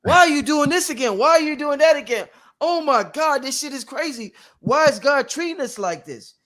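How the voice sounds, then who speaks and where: A man's voice: very high voice, lively intonation, normal speed, fairly bright tone, voice pushed up. A man voicing his own body's cells as they scream and plead in exasperation. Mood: panicked.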